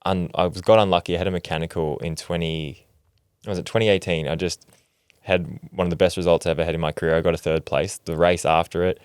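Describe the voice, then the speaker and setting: Deep, smooth-voiced podcast host. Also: male voice, fairly even intonation, fast, dry recording, studio quality. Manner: easygoing and affirming. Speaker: podcast host, former racer. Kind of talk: conversational interview.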